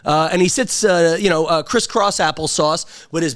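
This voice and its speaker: A man's voice: a little high, moderate pace, few pauses, fairly bright tone, clear, resonant tone. A man in his fifties from Long Island, hosting a podcast in a rambling, sarcastic and self-mocking casual monologue. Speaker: podcast host.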